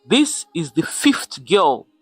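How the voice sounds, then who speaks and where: A man voicing a village man who speaks gravely and urgently to a grieving father. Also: fairly high pitch, very animated, slow, dry recording, faint music behind, exaggerated voice.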